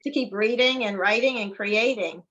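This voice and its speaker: A woman's voice: mid-range voice, normal speed, a bit bright. A woman in her fifties with a Boston accent, chatting as a guest on a video call, friendly and full of ums. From Massachusetts. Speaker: guest author. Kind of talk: casual video call chat. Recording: dull video call audio.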